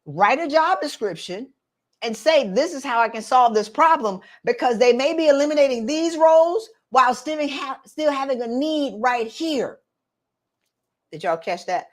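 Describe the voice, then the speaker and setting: Animated woman coaching in slangy talk. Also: high voice, moderate pace. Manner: animated, preachy, slangy and direct, talks straight to viewers. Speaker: career coach for women. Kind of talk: live-streamed coaching talk.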